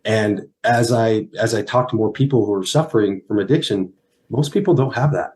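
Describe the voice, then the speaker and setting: A man in his thirties speaks as an interview guest, his voice on the low side. He tells his story earnestly, stopping and restarting, and sounds near tears. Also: a little fast, a little mellow. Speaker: guest, former pro football player. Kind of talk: emotional personal story.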